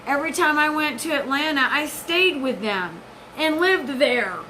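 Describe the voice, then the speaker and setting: A woman's voice: high voice, animated, normal speed, sharp tone, slight background noise, poor audio. A woman in her forties giving an intense, rambling, profane personal monologue. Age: 40s. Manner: intense, rambling, profane, jumps between topics.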